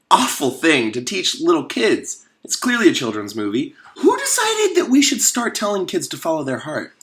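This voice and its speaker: A man at a middle pitch riffs casually on a movie in sarcastic, rambling comedic commentary. His voice swings widely up and down and has a bright, sharp edge. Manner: animated, sarcastic, rambling with many fillers. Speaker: video host.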